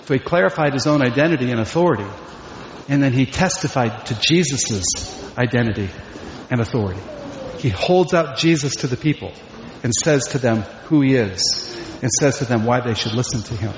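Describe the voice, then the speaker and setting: A man's voice: medium pitch, fairly quick, slight background noise. A man preaching a sermon as pastor, emphatic and full of rhetorical questions. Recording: echoey hall, dull lo-fi sound.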